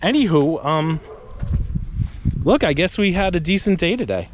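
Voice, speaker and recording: Vlogging from a suburban street, a trash-picking man chats to camera in a relaxed way, joking on the side. His fairly high voice is animated and moderately paced, with background noise around him.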